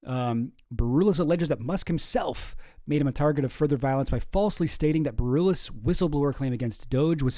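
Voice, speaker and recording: A man hosting a commentary stream, his voice lively and swinging up and down in pitch. He reads news posts aloud and breaks in with sarcastic, swearing asides. The recording is close and dry. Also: no room sound. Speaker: streamer host.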